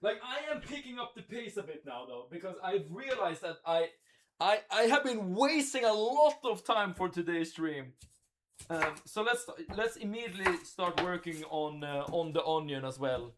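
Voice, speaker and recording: Against a noisy background, a man with a high-pitched voice and lively intonation speaks at a moderate pace. He's a cooking livestreamer in his home kitchen, thinking aloud and chatting with viewers as he cooks.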